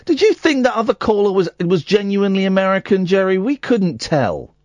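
A man's voice: high voice, sing-song, no echo, highs cut off. A man hosting a late-night radio phone-in, chatting playfully and teasing his co-host and callers. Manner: playful, teasing, quick jokes.

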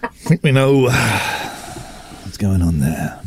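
A man hosting a radio show in the studio, talking in an animated, ranting and self-mocking way. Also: lowish voice, slow. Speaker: radio host. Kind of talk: casual radio chat.

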